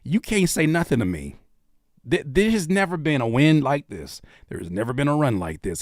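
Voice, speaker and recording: A man giving casual, joking reaction commentary as a YouTube host, animated and often dropping into quiet asides. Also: a little high, normal speed, dry recording, clean studio sound.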